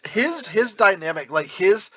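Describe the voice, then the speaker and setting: A man's voice: sits high, very animated, measured pace, a bit bright. A man co-hosting a casual podcast chat, teasing the others with jokey remarks. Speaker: podcast co-host.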